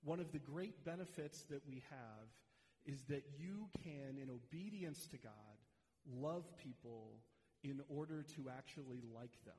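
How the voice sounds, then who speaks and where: A man's voice: medium pitch, unhurried, dark tone. A male pastor preaching a sermon, earnest and direct as he speaks to the congregation. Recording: long reverb of a large hall.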